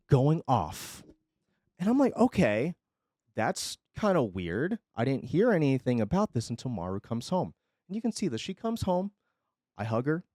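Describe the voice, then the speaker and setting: A man streaming, telling his chat a story in a casual, animated way, swinging between loud and quiet and swearing freely. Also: mid-range voice, no room sound, studio quality.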